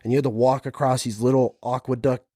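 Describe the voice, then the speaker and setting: A man hosting a podcast, telling stories in a relaxed, casual way with some swearing. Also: mid-range voice, fast, dry recording, studio quality. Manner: relaxed storytelling, swearing, acts out quoted voices. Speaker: podcast host. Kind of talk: casual interview chat.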